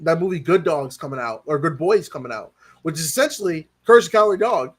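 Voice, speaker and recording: A man co-hosting a casual movie chat livestream, talking in an animated way, swearing freely and laughing often. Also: fairly high pitch, quick pace, slightly rough. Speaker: co-host of a movie review livestream.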